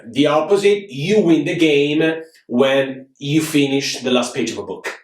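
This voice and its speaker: Animated man, roomy distant sound. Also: on the high side, a little slow. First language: Italian. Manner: animated, many fillers and restarts. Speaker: board game show host. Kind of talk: casual board game review.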